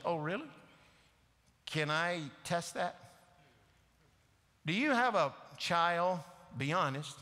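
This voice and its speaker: A man's voice: high voice, expressive, takes it slowly, pauses often, pushed and bright, long reverb tail. A man preaching a sermon in a church, earnestly and directly questioning the congregation. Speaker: guest preacher. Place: church sanctuary.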